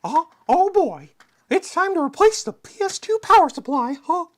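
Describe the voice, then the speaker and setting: Very high, swooping cartoon guy, loud and exaggerated. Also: lively intonation, normal speed. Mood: excited. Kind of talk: cartoon voice impression.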